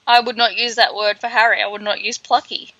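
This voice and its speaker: A woman co-hosting a podcast, recapping playfully with quick jokey asides in casual chat. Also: mid-range voice, steady tone, sharp tone, dry recording, highs cut off. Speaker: podcast co-host.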